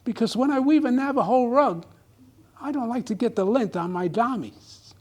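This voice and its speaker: A man's voice: very high-pitched, moderate pace. A man giving a humorous speech at a club meeting, telling a comic story to a live audience. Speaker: club speaker.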